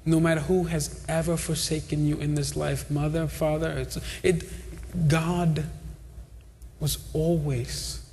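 A man's voice: a little high, little pitch movement, slow pace, a little mellow, breathy edge. Male preacher, impassioned sermon, raised voice, long reverb, church hall. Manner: impassioned, repetitive preaching cadence.

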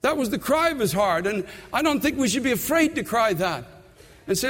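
A man preaching a sermon, earnest, often repeating words and slowing down to stress a point. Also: very high voice, sing-song, a bit bright, slightly rough, big-room sound.

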